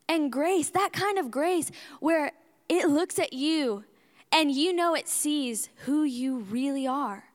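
Bright, animated young woman in a reverberant hall. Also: high-pitched. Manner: animated, re-enacts her own outbursts loudly. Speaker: speaker at a church service. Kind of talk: sermon testimony.

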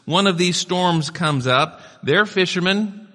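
A man's voice: sits high, slow, bright, forceful tone. Man preaching a sermon in a reverberant hall. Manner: conversational preaching with asides. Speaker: pastor.

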